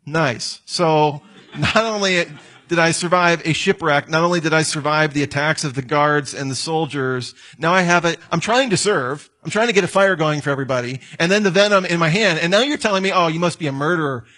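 A man's voice: a little high, fairly quick, pushed and bright. A man preaching a sermon, telling stories and acting out the voices of the people in them. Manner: storytelling, acts out quoted voices. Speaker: pastor.

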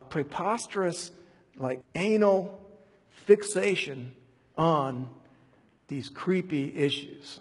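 A man with a husky, slightly high voice preaches in a casual, conversational way, wandering off on tangents and restarting his sentences. His voice rings out with a long reverb, as though he is in a large hall. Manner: animated, digressive, with many fillers and restarts. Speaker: preacher teaching a Bible study. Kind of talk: conversational sermon.

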